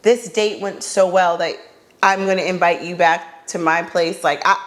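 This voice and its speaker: Speaking at a moderate pace in a fairly low voice, a woman hosting a podcast casually relates a funny dating episode. She dramatizes her own lines in dialogue with animation, adding blunt and exasperated asides.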